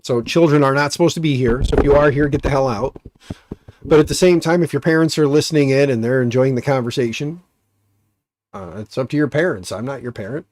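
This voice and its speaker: A man's voice: medium pitch, a little fast, darkish tone. A man with an American accent and a stuffy, nasal voice, hosting a casual live stream and rambling with jokes and fillers. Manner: rambling, joking, many fillers. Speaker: livestream host.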